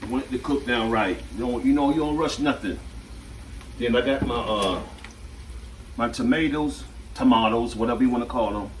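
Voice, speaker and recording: A man chats loosely through a home cooking session, circling back over his words as he goes. He sits at a middling pitch and is picked up from a distance, with frying food sizzling loudly behind him. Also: brisk, pauses often, roomy sound, background noise. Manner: chatty and relaxed, repeats himself often. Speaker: home cook and channel host. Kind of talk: casual cooking demonstration. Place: home kitchen at the stove. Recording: distant mic with loud sizzling from the pan.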